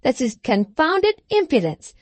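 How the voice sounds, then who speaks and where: A fierce, self-important little captain from an audiobook bellows at his gardeners, put on by a woman. The voice rides high and blustery. It is close and dry. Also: big pitch swings, a little slow, no room sound, exaggerated voice. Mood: blustering. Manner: blustering, roaring, wrathful. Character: fierce pompous little old captain, bullying.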